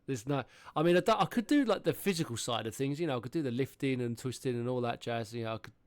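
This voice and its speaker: An English man in his thirties chats loosely on a podcast, with loose, rambling talk full of swearing and sudden animated exclamations. His voice sits at an ordinary middle pitch and is recorded close and dry, with no room sound at all. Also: quick pace, no room sound. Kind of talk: casual chat.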